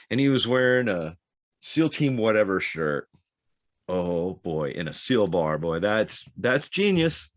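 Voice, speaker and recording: A man's voice: on the low side, very animated, unhurried, dry recording, studio quality. A man co-hosting a podcast, telling rambling anecdotes with restarts and laughs. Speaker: podcast co-host, former Navy SEAL. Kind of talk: casual storytelling chat.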